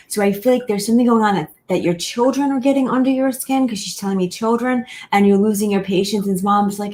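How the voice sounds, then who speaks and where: A woman giving a live online reading as a medium, addressing viewers by name, repeating key words and reassuring them gently. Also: medium pitch, fast talker, few pauses.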